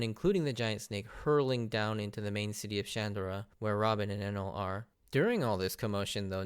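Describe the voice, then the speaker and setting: Smooth-voiced man recapping anime. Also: lowish voice. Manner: enthusiastic, laughs often, mimics character lines. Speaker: podcast host. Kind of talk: casual anime recap commentary.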